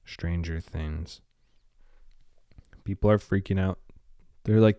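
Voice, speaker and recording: Low-voiced man with a slight lisp. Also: fairly even intonation, slow, pauses often, warm tone, dry recording, clean studio sound. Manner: rambling, drifts off topic and back. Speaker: podcast host. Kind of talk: casual solo podcast rambling.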